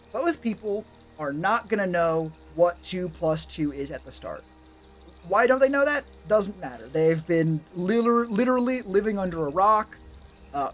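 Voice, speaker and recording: A man with a high voice talks through a live stream, rambling and sarcastic and swearing freely. Faint music plays under his voice. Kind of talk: casual live-stream chat.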